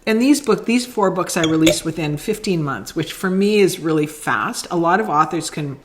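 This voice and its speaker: Chatty woman with a low voice. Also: lively intonation, moderate pace, background noise. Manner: chatty, repeats words while talking, laughs often. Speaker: podcast co-host and author. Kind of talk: casual chat.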